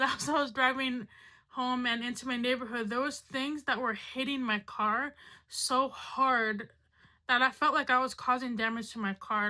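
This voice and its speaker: Thirties woman vlogging a storytime, says like a lot, kinda high voice, crisp and bright. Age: 30s. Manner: dramatic storyteller, lots of "like", laughs at herself. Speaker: beauty vlogger. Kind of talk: casual storytime chat.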